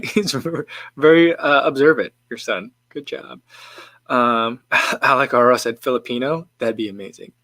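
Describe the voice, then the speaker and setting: Man, livestream host, bright forceful tone, dry close sound, casual rambling chat, stops and restarts often. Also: mid-range voice, dry recording. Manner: musing and rambling, with frequent self-interrupting restarts. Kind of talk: casual chat, reading viewer comments.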